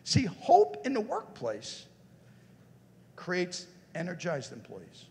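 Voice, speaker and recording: Male keynote speaker, high and very lively pitch, questions the audience, long hall reverb. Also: slow pace, gravelly, slight background noise. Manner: animated, questions the audience directly. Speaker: motivational speaker. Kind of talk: conference keynote talk. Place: conference room with audience.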